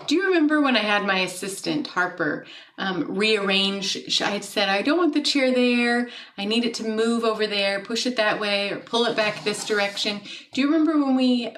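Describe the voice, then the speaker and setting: In a recorded lesson for a second grade class, a woman with a medium-pitched, fairly bright voice explains things step by step, warmly asking questions and checking in with "okay?". An echoey room and distant mic shape the sound.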